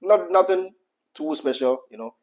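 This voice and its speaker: Ghanaian man co-hosting a live chat, Pidgin mixed in, fairly high voice, lo-fi audio. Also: animated, moderate pace, a little mellow. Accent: Ghanaian English. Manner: laughs often, slips into Pidgin. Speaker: livestream co-host. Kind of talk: casual livestream chat.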